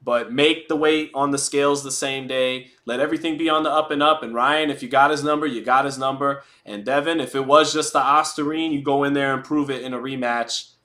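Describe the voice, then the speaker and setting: A man's voice: medium pitch, fairly even intonation, brisk, hardly any pauses, pushed and bright. A man hosting a live fight watch party, chatting casually, answering viewer chat and making blunt, profane jokes. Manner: blunt and profane with joking asides. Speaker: livestream host.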